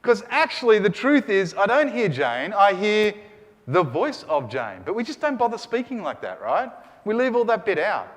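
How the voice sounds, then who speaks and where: A man's voice: high voice, wildly swooping pitch, normal speed. A man teaching a Greek grammar class, lecturing and often checking in with his students. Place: lecture hall. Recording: long hall reverb.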